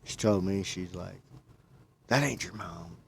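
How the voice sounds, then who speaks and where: A man's voice: sits low, a little slow, creaky, a little hiss or hum. A man talking casually, telling a long personal story and often quoting himself. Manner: rambling, repeats himself, quotes himself. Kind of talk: casual chat.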